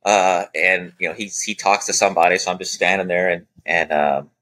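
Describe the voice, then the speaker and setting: Speaking low and fairly quickly, a man recounts a military training story as a podcast guest; he's a former Air Force special operator. His animated, casual telling acts out quoted dialogue and is full of "you know."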